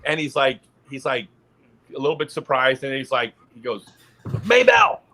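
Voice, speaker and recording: A podcast guest with a medium-pitched male voice tells an anecdote at a moderate pace during a casual chat. He's an animated storyteller who keeps laughing in the middle of his sentences.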